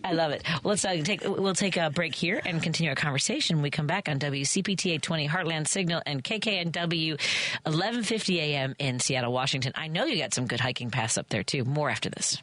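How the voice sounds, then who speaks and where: Chatty lady radio host, rattles along quick, dry studio mic sound. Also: sits low, fairly bright tone, no echo. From Chicago area. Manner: chatty, stammering restarts, quick laughs. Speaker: radio talk show host. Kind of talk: casual radio chat.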